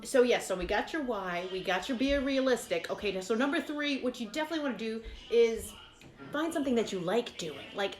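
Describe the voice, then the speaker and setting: A woman's voice: on the high side, roomy sound. A woman giving casual, encouraging fitness advice as a vlogger, chatty and full of fillers.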